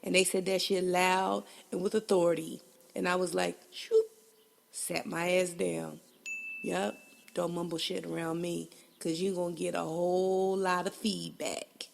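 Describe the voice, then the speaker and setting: A woman's voice: fairly low pitch, little pitch movement, a little slow, gravelly, slight background noise. A woman hosting a casual solo podcast, blunt and profane, laughing often, a bit congested. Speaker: podcast host.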